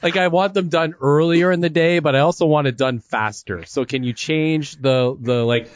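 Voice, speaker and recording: A man's voice: on the high side, normal speed, no room sound. A man co-hosting a local podcast, playful and teasing in casual chat. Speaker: podcast co-host.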